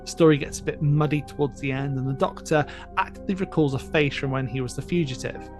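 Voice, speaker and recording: Chatty, enthusiastic podcast host. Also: male voice, fairly high pitch, steady tone, quick pace, music in the background. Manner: enthusiastic, chatty, laughs often. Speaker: podcast co-host reading listener emails. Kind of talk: casual podcast chat and reading aloud.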